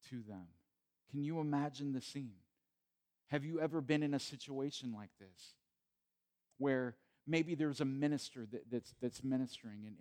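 A man's voice: mid-range voice, a little mellow. Male pastor preaching in church, conversational, stumbles over words, builds to emphatic peaks. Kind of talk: sermon.

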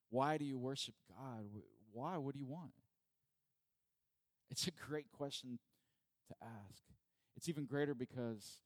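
Male pastor, middle pitch, dry close sound; conversational sermon heavy on rhetorical questions. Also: no echo.

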